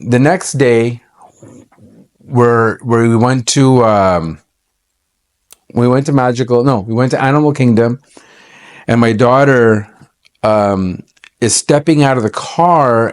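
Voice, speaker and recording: A man's voice: mid-range voice, darkish tone. A middle-aged man from Canada, an accountant, telling a personal story to camera in a chatty, aggrieved way with many fillers and restarts.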